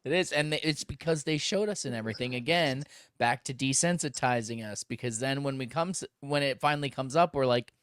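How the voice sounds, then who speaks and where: Podcast host guy, smooth clear voice, dry close mic, laughs a lot. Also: mid-range voice, a little fast, few pauses, fairly bright tone, no echo. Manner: laughing often, agreeing and riffing. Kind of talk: casual podcast conversation.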